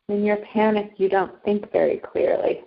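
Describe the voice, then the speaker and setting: A woman with a gravelly edge to her voice talks through her feelings in a tapping session and echoes each phrase back. Her pitch sits in the middle. The sound is dull and lo-fi. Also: fairly even intonation, normal speed. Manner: reflective, laughs lightly, repeats phrases back. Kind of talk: candid conversation.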